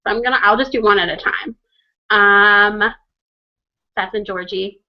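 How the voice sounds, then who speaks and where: A woman's voice: mid-range voice, steady tone, measured pace, muffled recording. A woman guest chatting about books over a video call, bubbly and hesitant with lots of ums. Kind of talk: casual video chat. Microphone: computer mic on a video call.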